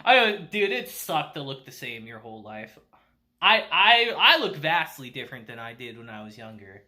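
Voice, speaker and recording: A man's voice: on the high side, very animated, normal speed, bright, forceful tone. A man casually recapping and reviewing an anime episode, laughing often and swearing freely.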